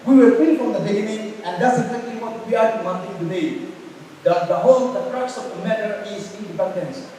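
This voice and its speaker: A young man with a Naga accent giving a formal, emphatic debate speech as a competing speaker. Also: high-pitched. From Nagaland, India. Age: young adult. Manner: rhetorical, emphatic, building to forceful points. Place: school hall. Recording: echoey hall, distant mic, faint hiss.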